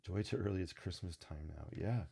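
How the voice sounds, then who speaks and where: A man's voice: sits low, fairly quick, gravelly, warm tone, breathy edge. A man hosting a casual sketching livestream from his desk, talking loosely and unrehearsed to viewers, tired and stuffy from a sinus cold. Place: home desk. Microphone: desk microphone.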